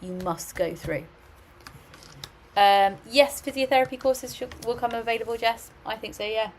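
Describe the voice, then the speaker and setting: A middle-aged woman, a university admissions adviser giving chatty, animated advice on a live stream, often restarting her sentences. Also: on the high side, normal speed, slight background noise, rough recording.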